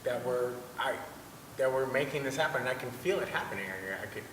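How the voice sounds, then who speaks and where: A man in a class sharing a personal story, halting and self-mocking with many restarts. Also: mid-range voice, animated, fairly bright tone. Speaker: class participant. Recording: distant, echoey hall with noise.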